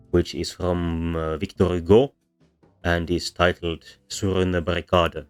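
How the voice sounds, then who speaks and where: Low-voiced man giving a hesitant lecture. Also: fairly even intonation, measured pace. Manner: hesitant, many ums and restarts. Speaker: VTuber lecturer on linguistics. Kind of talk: casual explanatory lecture. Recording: soft background music under voice.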